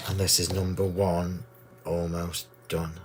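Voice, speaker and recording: A man hosting a card-making demonstration, chatty and gushing, a little hoarse from losing his voice. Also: deep voice, flat delivery, unhurried, darkish tone, a little hiss or hum. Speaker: crafting demo host.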